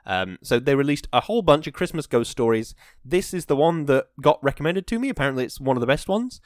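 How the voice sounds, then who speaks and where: A man's voice: a little high, fast, dry recording. Chatty man, dry close mic. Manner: chatty and self-deprecating, with bursts of excitement. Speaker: podcast host. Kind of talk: rambling casual chat, then reading a story aloud.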